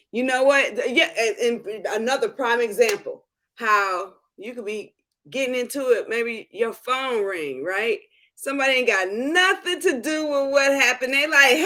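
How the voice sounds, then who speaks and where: A woman hosting a spiritual coaching chat from home, animated and quick to laugh, acting out what others said. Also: on the high side. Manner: animated, laughing, acts out quotes. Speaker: spiritual life coach and host. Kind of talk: casual workshop chat.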